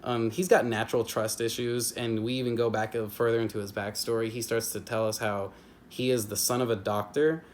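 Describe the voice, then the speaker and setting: A man talks through a chapter review in a loose, rambling way, full of fillers and restarts. His voice sits at an ordinary middle pitch, and faint household noise sits behind him. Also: little pitch movement. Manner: rambling, heavy on fillers and restarts, slips into quick character impressions. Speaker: YouTube book reviewer. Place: home with family nearby.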